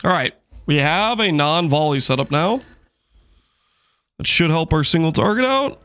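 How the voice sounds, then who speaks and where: A man's voice: fairly high pitch, lively intonation, unhurried, fairly bright tone, smooth. A man streaming a game, joking and chatting with his viewers while he plays. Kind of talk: casual live-stream chat while gaming.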